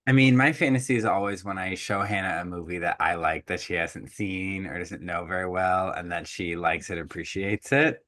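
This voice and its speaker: A man's voice: deep voice, steady tone, moderate pace, hardly any pauses, a bit bright. A man co-hosting a podcast, talking casually in an earnest, rambling way. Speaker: podcast co-host. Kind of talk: casual chat.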